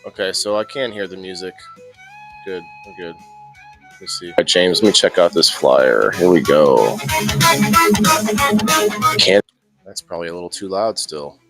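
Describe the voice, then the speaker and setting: Music plays in the background as a man hosts a loose indoor gardening live stream, full of restarts and laughter. He speaks low and expressively, unhurried, pausing often.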